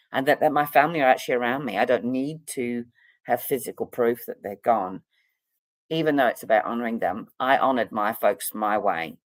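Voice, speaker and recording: A woman's voice: rumbling low, dry recording. A middle-aged woman, a psychic and counselor, talking in a rambling, casual vlog chat full of fillers and restarts.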